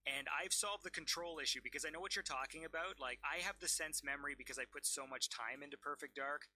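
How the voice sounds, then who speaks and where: A man's voice: a little high, fast talker, sharp tone, no echo. A man hosting a stream, chatting casually and enthusiastically with a guest. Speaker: host.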